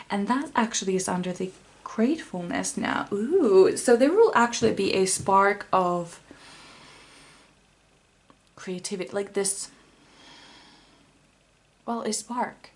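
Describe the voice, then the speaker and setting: A woman talks through a tarot spread in a loose, casual way. She rambles and restarts her sentences with plenty of fillers. Now and then her voice drops to a soft whisper. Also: mid-range voice. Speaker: tarot reader. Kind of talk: casual tarot reading to camera.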